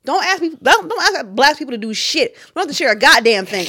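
A woman's voice: high voice, sing-song, fast talker, bright, forceful tone. A young adult woman podcast co-host, reading a news story aloud and then ranting heatedly with a lot of swearing. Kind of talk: casual podcast chat.

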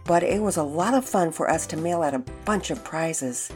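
A woman host announcing contest winners and reading a children's story aloud clearly. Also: fairly low pitch, moderate pace, soft background music. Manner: clear and animated.

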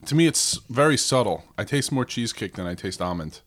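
A man's voice: medium pitch, expressive, a little fast, fairly bright tone, a little hiss or hum. Man musing over flavors in a mid-range voice. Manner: thoughtful, theorizing, full of filler words. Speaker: podcast co-host. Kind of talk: casual food-tasting chat.

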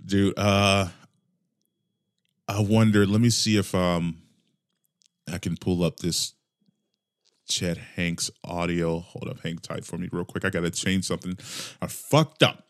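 A man's voice: low voice, little pitch movement, a little slow, long pauses. Profane, rambling podcast host man. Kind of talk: casual solo podcast monologue. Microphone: desk microphone with headphones.

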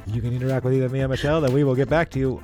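A man doing an old-time Hollywood movie-trailer announcer voice, booming and dramatic. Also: steady tone, racing, darkish tone, soft background music, natural voice. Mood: grandiose. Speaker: podcast co-host.

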